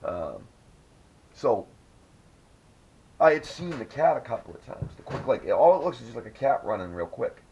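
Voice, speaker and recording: A man's voice: medium pitch, big pitch swings, moderate pace, pauses often, dark tone. Profane, rambling male podcast host. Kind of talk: casual podcast chat. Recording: dull lo-fi audio with faint noise.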